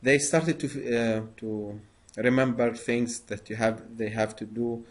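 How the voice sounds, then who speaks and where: Slow, halting man with many fillers. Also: mid-range voice, fairly even intonation. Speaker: interviewer. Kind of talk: conversational interview.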